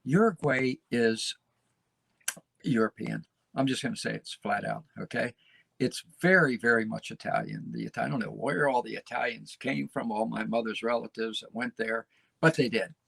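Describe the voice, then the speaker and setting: Gravelly, husky-voiced male talk show host. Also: medium pitch, normal speed, fairly bright tone, no echo. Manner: folksy, keeps tagging lines with "okay?"; emphatic, repeats phrases for effect. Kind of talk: casual talk show monologue.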